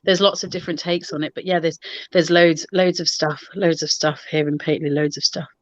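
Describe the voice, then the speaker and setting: Woman, lowish voice, rambling chatty storyteller, dull video-call sound. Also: fairly even intonation, brisk, no room sound. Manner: chatty, rambling with restarts and fillers. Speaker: paranormal investigator and show co-host. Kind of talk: casual storytelling on a live online show.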